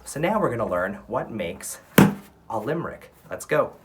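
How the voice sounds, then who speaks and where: Young male drama teacher, lively encouraging delivery, mid-pitched, swings his intonation. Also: very noisy. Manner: upbeat and encouraging, counts syllables out slowly. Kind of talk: online lesson for young students.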